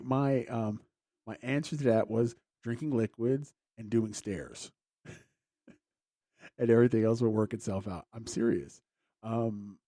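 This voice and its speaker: A man's voice: lowish voice, mellow, no echo. A man hosting a podcast, telling a personal story in a casual, rambling way with wry, self-deprecating humor. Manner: rambling, with frequent fillers and restarts. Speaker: podcast host.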